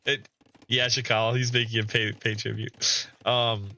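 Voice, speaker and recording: A man with a bright, forward voice talks through a community strategy match. He commentates casually and reads out players' chat with amused chuckles, close to a desk mic. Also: mid-range voice, level tone, a little slow. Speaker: streamer.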